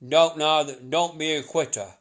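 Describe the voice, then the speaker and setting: A middle-aged man with a voice pitched a touch high gives a psychic reading to a sitter. He talks in a chatty, looping way, repeats himself and laughs easily between his lines. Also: steady tone, normal speed, a bit bright. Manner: chatty, repetitive, laughing often. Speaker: psychic medium.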